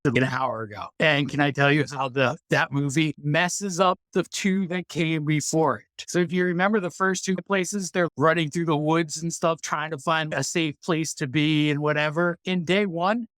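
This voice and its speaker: A podcast co-host, a man with a fairly high voice, ranting in worked-up casual chat and laughing easily. The sound is dry and close with no room echo. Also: steady tone, normal speed, hardly any pauses, a bit bright.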